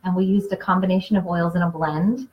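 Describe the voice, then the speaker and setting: A woman hosts a casual live class in a lowish voice. She chats easily and gets animated when she tells stories. The sound is dull and lo-fi, like a home live stream. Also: quick pace. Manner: chatty storyteller, animated when telling anecdotes. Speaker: essential oils class host and Reiki practitioner.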